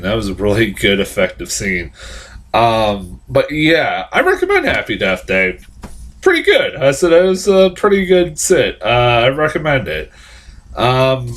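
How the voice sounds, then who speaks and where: A man giving a casual, rambling film review, swearing often and restarting his sentences, with sarcastic outbursts. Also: on the low side. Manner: rambling, profane, lots of restarts; animated, jumps into sarcastic reactions.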